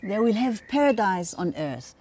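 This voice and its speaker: A woman in her fifties from Israel with an Israeli accent, a native Hebrew speaker, answering interview questions in an earnest, halting way with many restarts. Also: mid-range voice, big pitch swings, a little mellow, slightly rough. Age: 50s. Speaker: activist interviewee. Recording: voice a bit far from the mic.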